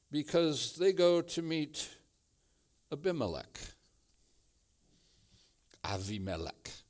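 A man preaching a sermon, slow and emphatic, building to repeated phrases. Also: mid-range voice. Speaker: pastor.

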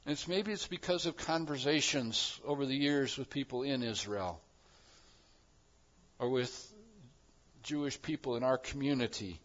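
Alternating between quiet, reflective passages and loud, emphatic declarations, a man preaches a sermon as pastor. His voice is on the high side, and the sound is lo-fi.

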